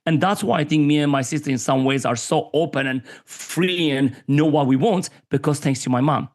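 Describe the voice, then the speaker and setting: A man's voice: a little high, fairly quick. A man in his forties from Armenia, talking as an interview guest in a somewhat raised voice. He tells stories with animation and slips into little impressions of the people he quotes. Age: 40s. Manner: animated storyteller who acts out quoted voices. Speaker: podcast guest. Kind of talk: candid conversational interview.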